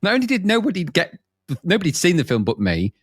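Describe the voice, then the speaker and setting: Lively self-mocking man. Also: high voice, fast talker, no room sound, clean studio sound. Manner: chatty, self-mocking, laughs often. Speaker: podcast host. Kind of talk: scripted intro then casual chat.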